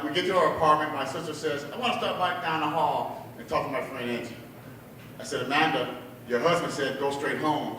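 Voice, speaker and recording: A man's voice: a little high, bright, forceful tone, slight background noise. A man telling a stand-up story at a bar open mic, acting out his family members' voices, with audience laughter behind him. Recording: echoey bar room, mic heard from a distance.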